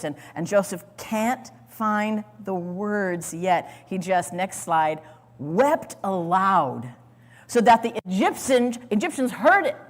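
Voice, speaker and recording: Woman pastor preaching, big swings from loud to hushed, church reverb behind her voice. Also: mid-range voice. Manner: dramatic storytelling with sudden loud surges and hushed drops; repeats words and restarts while preaching. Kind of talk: sermon. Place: church sanctuary. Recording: long reverb of a church hall.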